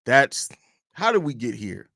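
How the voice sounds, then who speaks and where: A man's voice: mid-range voice, big pitch swings, unhurried, vocal fry, a bit bright, no room sound, studio quality. A man hosting a casual live-stream sports talk show from home, opinionated and rambling, often restarting his sentences. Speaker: host of a basketball fan podcast.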